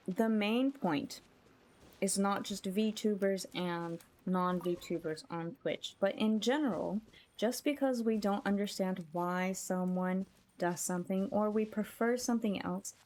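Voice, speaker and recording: A woman's voice: medium pitch, a little mellow, a little hiss or hum. A woman streamer chatting casually with her chat while gaming, musing and talking straight to them.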